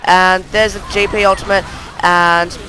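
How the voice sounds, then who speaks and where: A man's voice: high voice, flat delivery, a little slow, bright, forceful tone. A young man casually talking through a replay of his own match, rambling play-by-play that keeps circling back with "anyway". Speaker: gameplay commentator.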